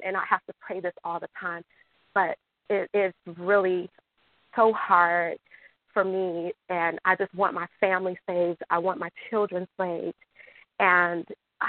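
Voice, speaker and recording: Excited woman caller on a phone line. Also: fairly low pitch, measured pace, no echo. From Michigan. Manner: excited, rambling, with many restarts. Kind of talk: emotional call-in chat. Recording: dry tinny phone line.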